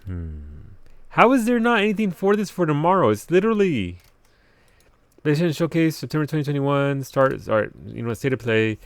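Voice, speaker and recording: A man's voice: fairly high pitch, big pitch swings, fairly quick, clear, resonant tone, no echo. A man chatting casually on a live game stream at home, rambling, swearing freely and laughing often.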